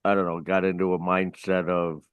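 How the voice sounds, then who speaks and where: A man's voice: low-pitched, flat delivery, moderate pace, clear, resonant tone, no echo, muffled recording. A man co-hosting a DJ chat, telling work stories in a laid-back, rambling way. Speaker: karaoke DJ co-host. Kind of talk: casual storytelling.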